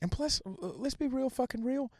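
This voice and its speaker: A man's voice: extremely high pitch, expressive, moderate pace, creaky, no echo. A man hosting a podcast, delivering a heated, profane solo rant that mocks its targets and stumbles over restarts. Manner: stammers and restarts mid-sentence. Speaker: podcast host.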